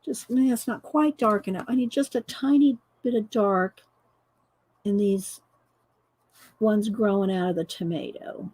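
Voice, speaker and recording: A woman's voice: mid-range voice, steady tone, measured pace, darkish tone, husky. A middle-aged woman, hosting a casual coloring livestream, chatty and laughing often as she greets viewers. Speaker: livestream host demonstrating coloring.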